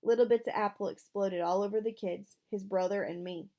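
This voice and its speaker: Female reader, novel chapter read aloud, character voices, mid pitch. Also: fairly even intonation, brisk, dark tone. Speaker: audiobook reader.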